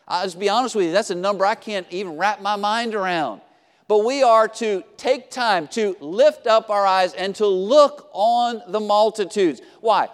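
A man preaching a sermon, building emphatic peaks and dropping to soft, low passages. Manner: emphatic preaching that rises and falls in volume. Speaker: pastor. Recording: long hall reverb.

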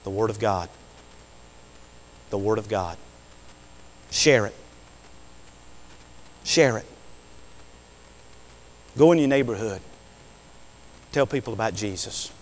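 Fervent preacher in an echoey hall. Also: male voice, on the low side, slow, long pauses. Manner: repeats phrases, asks the congregation "amen?"; swings from soft storytelling to shouted climaxes. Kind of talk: sermon.

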